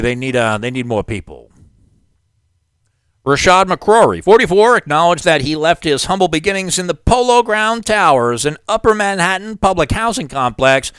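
A man's voice: a little high, a bit bright, smooth, dry recording, studio quality. A man hosting a political commentary show, reading news aloud with sarcastic asides. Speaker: host.

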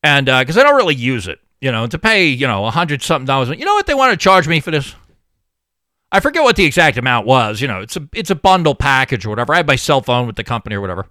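Animated, sarcastic male podcast host. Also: medium pitch, quick pace, no echo. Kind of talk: political commentary monologue.

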